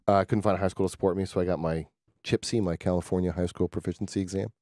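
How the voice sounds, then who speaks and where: A man answering interview questions in a measured, reflective way. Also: low voice, steady tone, warm tone, no room sound, clean studio sound. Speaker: guest.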